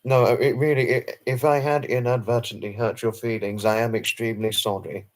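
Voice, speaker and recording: A man's voice: medium pitch, little pitch movement, normal speed. A man hosting a late-night live stream and answering viewers' chat messages. He talks in an effusive, formal and earnest way, often repeating himself and apologizing. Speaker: livestream host.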